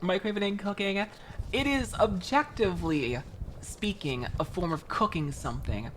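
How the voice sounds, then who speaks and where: A young woman from Florida, chatting casually on a livestream while building a model kit, animated and quick to laugh, with frequent restarts. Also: medium pitch, a little hiss or hum. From Florida, United States. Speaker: streamer.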